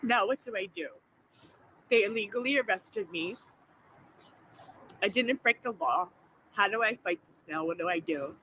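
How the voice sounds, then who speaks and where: A tearful woman in her forties vents into her phone, swearing often through her upset in an emotional vlog monologue. Her voice is bright and sharp-edged, and faint noise sits behind it. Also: mid-range voice, normal speed, long pauses, rough recording. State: crying. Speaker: vlogger.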